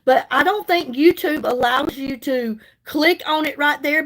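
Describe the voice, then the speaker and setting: Heard through a low-quality recording, a middle-aged woman with a high voice puts on makeup while running a livestream to sell products. She's chatty and sassy with a folksy warmth, calling out viewers by name as she talks casually.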